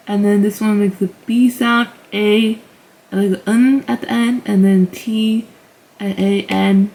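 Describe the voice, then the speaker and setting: A young woman hosting a tutorial, explaining step by step in a relaxed way with lots of "like" and "um". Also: medium pitch, takes it slowly. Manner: relaxed, filler-heavy explaining with "like". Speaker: language tutorial host. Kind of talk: casual teaching walkthrough.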